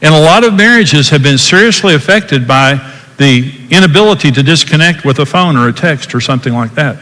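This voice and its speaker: A man's voice: a little high, expressive, a little fast, pushed and bright, big-room sound, low-quality recording. An older man giving a folksy teaching talk on marriage, repeating himself and acting out different tones of voice.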